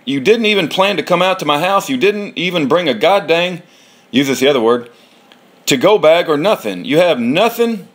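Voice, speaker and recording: Guy w a pretty high voice ranting, swears a lot, reading it out, lil laughs here n there. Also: a bit bright. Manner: heated, profane rant with short laughs.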